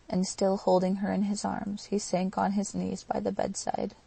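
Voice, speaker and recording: A woman narrating an audiobook in a steady, even reading. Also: medium pitch, moderate pace, vocal fry, few pauses, husky. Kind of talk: scripted narration.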